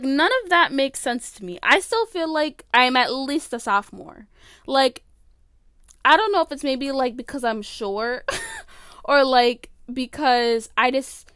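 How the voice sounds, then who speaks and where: A teenage girl hosts her own podcast from her bedroom, her voice high, smooth and clear. She rambles with plenty of fillers and lets her feelings show. The sound is dry and close, with no room echo. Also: a bit bright. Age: late teens. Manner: rambling, filler-heavy, emotional. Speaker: podcast host. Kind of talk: casual solo podcast chat.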